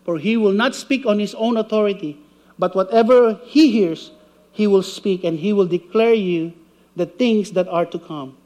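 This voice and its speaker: A man preaching a sermon, telling a personal story with animated delivery and acted-out voices. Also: sits high, normal speed.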